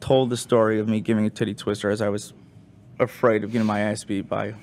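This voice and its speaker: A man telling a story among podcast crew members in casual chat, animated, with restarts and laughter. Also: fairly low pitch, fast talker, slight background noise.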